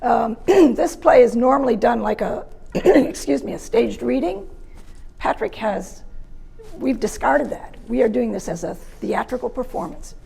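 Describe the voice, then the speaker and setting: Female director, thoughtful, slightly high voice. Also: lively intonation, unhurried, vocal fry, dark tone, husky. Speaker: theatre director. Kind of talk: interview.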